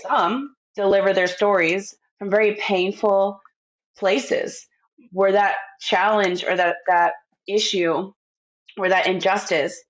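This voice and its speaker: A woman's voice: mid-range voice, fairly even intonation, slow. A woman hosting a podcast interview, chatting enthusiastically and eagerly responding to her guest. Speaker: podcast host. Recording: dull lo-fi recording.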